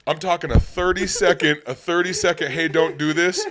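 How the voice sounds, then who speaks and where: A young man hosting a podcast, telling casual stories in an animated way and laughing as he goes. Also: on the high side, brisk, crowd noise. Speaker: podcast host. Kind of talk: casual storytelling chat.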